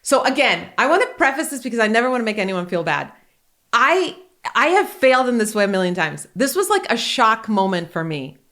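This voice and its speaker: A woman in her forties hosts a podcast, her voice pitched on the high side and brisk. She chats casually, animated and joking, and tells candid stories.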